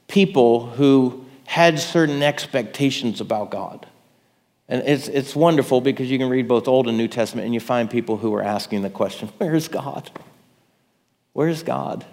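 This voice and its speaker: A man's voice: medium pitch, normal speed, a little mellow, long reverb tail. A man preaching a sermon in a conversational way, checking in with his listeners. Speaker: pastor.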